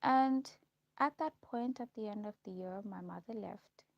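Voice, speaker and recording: Woman recounting school memories, gravelly. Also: medium pitch, a little slow, no room sound. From South Africa. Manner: repetitive, listing recollections with frequent ums. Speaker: vlogger. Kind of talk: personal storytelling. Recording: dull lo-fi recording.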